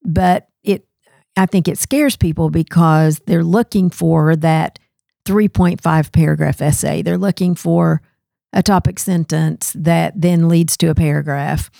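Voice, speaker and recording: A woman's voice: deep voice, fairly even intonation, measured pace, gravelly, dark tone, dry recording, studio quality. A woman co-hosting a casual education podcast discussion, thinking aloud and inviting pushback as she talks. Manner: thinks aloud, self-questioning, laughs easily. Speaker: curriculum podcast co-host.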